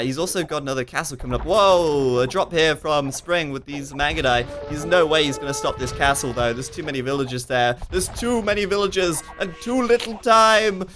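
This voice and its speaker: Relaxed and chatty, a male esports commentator casts a live strategy game match at an ordinary middle pitch. Every so often he stops to read viewer questions, and his talk is full of quick asides and fillers.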